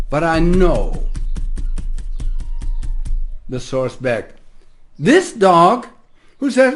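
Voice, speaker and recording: A man with a German accent holds forth as a spiritual teacher in a rambling monologue, chuckling often and jumping between quiet asides and loud proclamations. His voice sits fairly high and swoops all over. He takes his time, with slow, drawn-out delivery. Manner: animated, laughs often, swings from soft asides to loud declarations.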